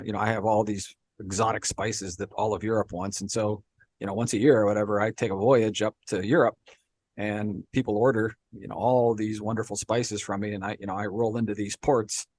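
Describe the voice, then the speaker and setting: A man co-hosting a podcast, explaining history in a relaxed, conversational way and checking in with "right?" often. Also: on the low side, dry recording. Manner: explains with frequent "right?" and "you know". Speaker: podcast co-host. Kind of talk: casual explanatory chat.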